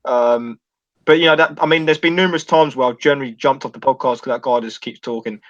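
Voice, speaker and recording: A man's voice: medium pitch, steady tone, fast talker, no echo, highs cut off. A British man co-hosting a podcast, bantering and teasing with frequent laughs. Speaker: podcast co-host. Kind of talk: casual banter.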